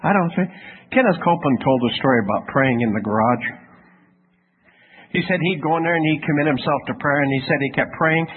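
Male preacher, folksy storytelling sermon, slightly high voice, tinny phone-like sound. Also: a little fast. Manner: folksy storytelling preacher who asks the audience questions. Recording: tinny phone-like radio sound with faint noise.

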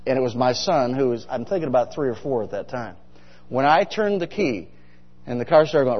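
Preaching a story-filled, humorous sermon, a middle-aged pastor speaks a little fast in a mid-range voice with lively intonation. He chats easily and often puts questions to the congregation. The sound is dull, drenched in long hall reverb.

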